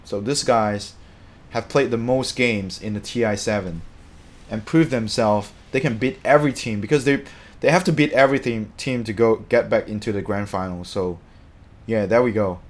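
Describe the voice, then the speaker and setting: A man chatting casually on a live stream, reading out viewer comments in an excitable, talkative way. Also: fairly low pitch, moderate pace.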